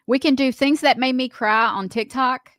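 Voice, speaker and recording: A woman's voice: high voice, normal speed, fairly bright tone, no room sound, clean studio sound. A woman with a Southern American accent co-hosting a morning radio show, telling stories in a chatty way and laughing often. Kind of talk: casual radio banter.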